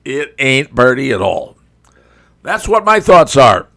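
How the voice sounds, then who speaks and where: A man's voice: medium pitch, big pitch swings, takes it slowly, gravelly, a bit bright. A male talk show host giving a folksy, conversational opinion monologue, speaking straight to his viewers.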